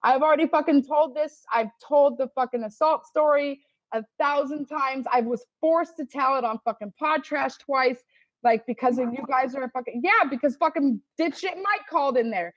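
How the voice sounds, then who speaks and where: A woman's voice: high-pitched, moderate pace, no echo, highs cut off. A woman defending herself in a heated casual argument over voice chat, swearing constantly and sounding exasperated. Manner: defensive, profane, exasperated ranting. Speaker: livestream participant.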